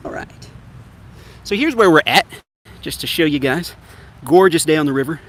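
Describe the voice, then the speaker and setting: A man's voice: a little high, lively intonation, normal speed. A man casually chatting to his livestream viewers while cooking outdoors on a riverbank, upbeat and talking straight to the camera on a tripod. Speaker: fishing vlogger. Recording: outdoor camera audio with loud ambient noise.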